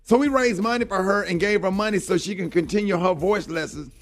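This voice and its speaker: Over soft background music, a middle-aged man hosting a morning radio show speaks briskly in a high voice. He's earnest and heartfelt as he tells a story, often saying "man" and "you know".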